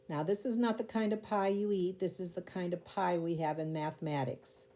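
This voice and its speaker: A woman's voice: lowish voice, normal speed, few pauses, darkish tone. A woman teacher giving a spelling lesson, patiently sounding out words and spelling them letter by letter.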